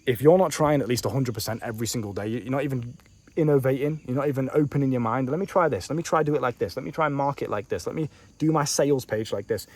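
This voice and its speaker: A man talks quickly and bluntly, coaching the listener in a casual vlog recorded outdoors. His speech is profane and full of slang, and he addresses the listener directly. Insects and crickets chirp behind him. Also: medium pitch, a little mellow. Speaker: online business coach. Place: outdoors on a bench in a warm country.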